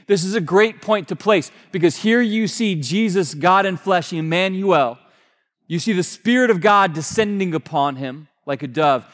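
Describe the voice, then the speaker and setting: A man pastor preaching a sermon, earnest and emphatic, rising in pitch when he presses a point. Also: fairly bright tone. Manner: fast-paced delivery. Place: church sanctuary. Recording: long reverb of a large hall.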